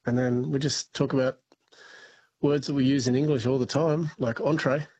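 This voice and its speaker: Husky, confident caller. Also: male voice, medium pitch, steady tone, normal speed, warm tone, dry recording, low-quality recording. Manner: confident, anecdotal, talkative. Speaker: radio quiz caller. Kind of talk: casual phone-in chat.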